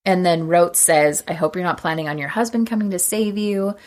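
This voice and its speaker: Low-voiced woman recapping a film. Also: brisk. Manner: animated retelling, acting out quotes. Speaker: podcast co-host.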